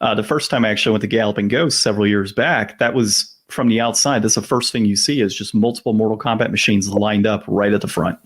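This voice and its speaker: Man, podcast host, low voice, rapid enthusiastic casual delivery. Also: breathy edge. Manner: relaxed and enthusiastic, with filler words.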